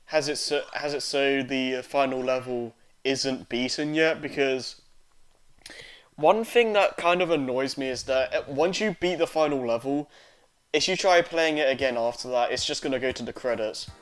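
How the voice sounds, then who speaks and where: A man's voice: mid-range voice, normal speed, clean tone. A young man hosting a let's play, chatting casually with lots of fillers and restarts. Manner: rambling, many fillers and restarts. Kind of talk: casual gameplay commentary. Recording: faint game music behind.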